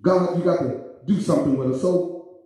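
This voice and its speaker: A man's voice: a little high, normal speed, warm tone. A man preaching a sermon as minister, with rhythmic repetition that rises into hollers. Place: church sanctuary. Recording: very echoey church sanctuary.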